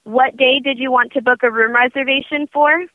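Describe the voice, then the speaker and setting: A woman's voice: high-pitched, steady tone, moderate pace, no echo. A woman working as a reservation clerk, businesslike and growing impatient on a prank call. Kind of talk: recorded prank phone call. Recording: tinny phone line.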